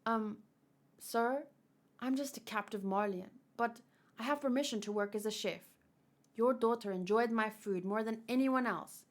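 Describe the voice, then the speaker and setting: A woman reading the lines of a timid, polite captive male chef from a comic, hesitant and hurried. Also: fairly high pitch, close to an everyday voice.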